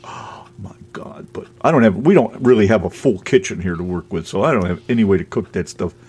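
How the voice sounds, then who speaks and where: A man's voice: on the low side, animated, fast talker, darkish tone, breathy edge. A man hosting a casual radio show, chatting in a rambling way and laughing often. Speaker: host.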